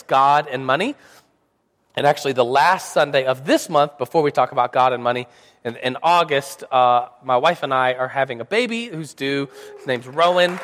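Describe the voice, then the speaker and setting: A man's voice: mid-range voice, fairly bright tone. A young man with a slight sore throat giving a casual church Sunday school talk, rambling and joking with lots of fillers. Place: church hall. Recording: reverberant hall.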